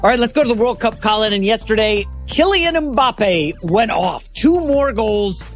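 A male co-host on a sports talk show, easygoing and conversational as he lines up the next topic. His voice is high and animated. Faint music runs behind him. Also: normal speed. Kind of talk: casual sports chat.

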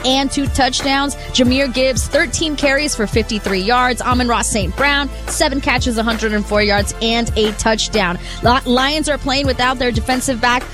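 High-voiced woman reading sports news. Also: music in the background. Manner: brisk stat-heavy delivery.

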